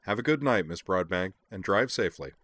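A man's voice: deep voice, lively intonation, fairly quick, a bit bright, no room sound. A man voicing a burly, easygoing police sergeant in his forties as he reads a story aloud. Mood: friendly. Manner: easygoing, polite questioning. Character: burly middle-aged male police sergeant, friendly.

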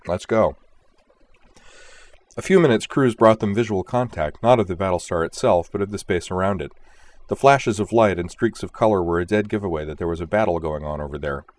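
A man narrating an audiobook in a steady, even storytelling manner. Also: sits low, fast talker.

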